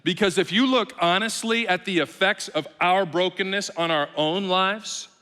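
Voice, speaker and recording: A bright, forceful man in his thirties preaching from a church stage, his voice ringing through the long reverb of a large hall. He talks like a conversation, dropping low and quiet, then climbing loud and emphatic, stacking repeated phrases and tossing in "right?" to the room. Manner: repeats phrases in quick lists with tag questions like "right?". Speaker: pastor. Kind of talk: sermon. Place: church auditorium.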